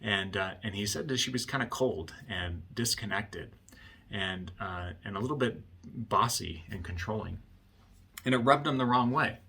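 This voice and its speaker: A man's voice: on the low side, normal speed, vocal fry, sharp tone, slightly rough. A man working as a marriage counselor, explaining a point through a client story in a conversational way and often checking in with "right?".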